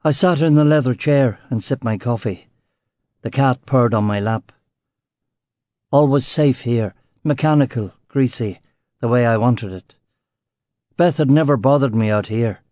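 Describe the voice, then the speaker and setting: A man's voice: medium pitch, measured pace, pauses often, a little mellow, no echo. A man narrating a first-person crime novel in a terse, dry, wry way. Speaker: audiobook narrator.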